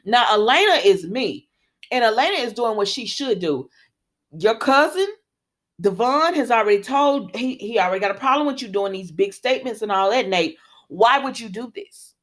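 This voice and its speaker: A woman's voice: a little high, expressive, normal speed. A woman hosting a soap opera recap, chatting casually and animatedly straight to her viewers.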